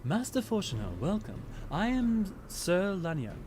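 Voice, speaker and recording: A man's voice: high voice, sing-song, measured pace, a little mellow, slight background noise, pitched above the performer's own voice. A man voicing a noble female knight commander in a game, speaking in formal, courtly phrasing. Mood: earnest.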